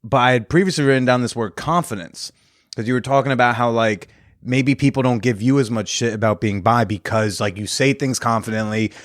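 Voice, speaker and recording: A man hosting a podcast interview in casual chat, halting and supportive, often restarting his sentences. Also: medium pitch, no room sound, clean studio sound. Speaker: podcast host.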